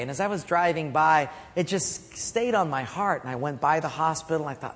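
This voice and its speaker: A middle-aged male pastor tells stories from the pulpit, his fairly high voice trailing off into a soft hush whenever he makes a point. The sound carries a long hall reverb from a church sanctuary. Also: expressive, fairly quick. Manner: storytelling, drops to a soft hush for key points. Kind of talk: sermon.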